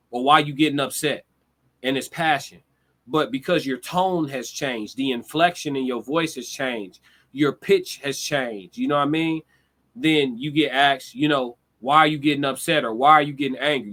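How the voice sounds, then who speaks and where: A man's voice: medium pitch, a bit bright. A man streaming a casual monologue, direct and laid-back, with slangy, conversational talk.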